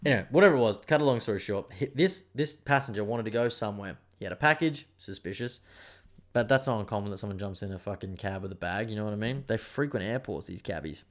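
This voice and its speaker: Lowish-voiced guy ranting on his podcast, swears a lot, rambly. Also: fast. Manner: swearing, rambling, animated storytelling. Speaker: podcast host. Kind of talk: casual solo podcast rant.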